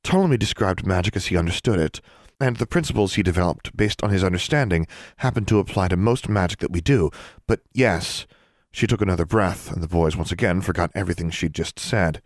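A man with a very low voice reads a storybook aloud. His delivery is steady and measured, and the recording is close and dry, with no room sound. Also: no echo. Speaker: audiobook narrator. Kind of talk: scripted audiobook narration.

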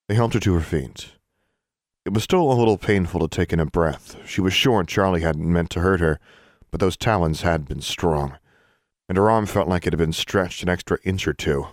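A man narrating an audiobook in a steady storytelling manner. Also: low voice, moderate pace, no echo, studio quality.

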